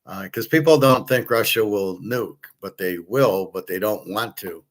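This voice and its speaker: Blunt, rambling man with a low voice. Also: unhurried. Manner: blunt and profane, with frequent fillers and restarts; acts out both sides of imagined conversations. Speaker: sports handicapper and commentator. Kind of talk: rambling casual monologue.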